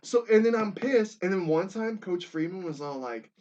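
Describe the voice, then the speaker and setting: Through a muffled recording, a young man with a high voice talks at normal speed on his podcast. It's casual chat full of lively storytelling, plenty of swearing, and acted-out quotes.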